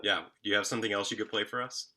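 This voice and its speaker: A man giving encouraging feedback in a horn masterclass, pausing often with "um". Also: fairly low pitch, fairly even intonation, pushed and bright. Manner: encouraging, hesitant with many "um"s. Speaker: horn teacher.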